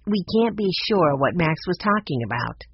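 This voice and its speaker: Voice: mid-range voice, sing-song, normal speed, breathy edge, no echo. A storybook narrator voicing a sensitive, artistic young girl, in a slightly muffled recording. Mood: earnest.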